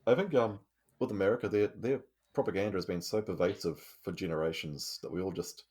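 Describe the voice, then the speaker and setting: A man's voice: sits low, brisk, a little mellow, slightly rough. A man co-hosting a podcast, talking in an earnest, thoughtful way with casual swearing. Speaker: podcast co-host. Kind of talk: casual chat.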